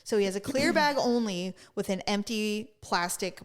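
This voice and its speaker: A woman's voice: mid-range voice, lively intonation, normal speed. A woman co-hosting a podcast, telling a story in casual chat, acting out quotes and laughing often. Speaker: podcast co-host.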